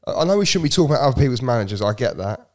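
A man in casual football podcast chat, animated and repeating himself as he argues his view. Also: mid-range voice, racing.

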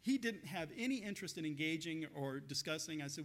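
A man's voice: on the high side, animated, brisk, a bit bright. A man pastor giving a conversational sermon, telling stories with frequent laughs and restarts.

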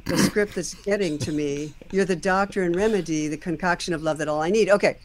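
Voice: mid-range voice, a little fast, background noise. A host giving a casual, thoughtful critique of a song's lyrics, explaining at length and now and then singing a line or two.

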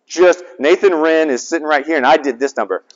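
A man in his forties, a chaplain giving a sermon, telling a story with big swings between loud and soft. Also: on the high side, fairly quick. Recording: dull sound with long hall reverb.

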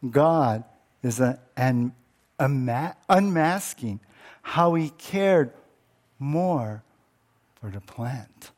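A male pastor preaching a sermon in a conversational way, often asking listeners questions and repeating words. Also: fairly high pitch.

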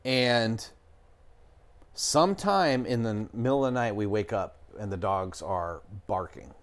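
A middle-aged man with a fairly low voice, speaking a little slowly, tells a story in casual chat. He rambles and swears, leaning heavily on fillers like "like" and "I'm talking."

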